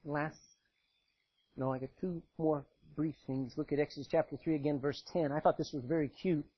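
A man preaching a sermon, dramatic and swinging from loud to hushed as he tells the scripture story. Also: on the high side, steady tone, normal speed, slightly rough, dull audio.

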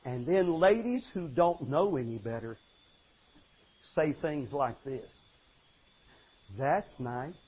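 An older man, a longtime pastor, preaching an animated sermon with emphatic restarts and sudden shouts. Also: on the high side, slow pace, breathy edge, highs cut off.

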